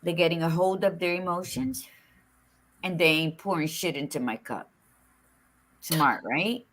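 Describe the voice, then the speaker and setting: A middle-aged woman co-hosting a casual talk show, chatting in an expressive, frank and folksy way, with Spanish words mixed in. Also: lowish voice, measured pace. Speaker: podcast co-host. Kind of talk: casual chat.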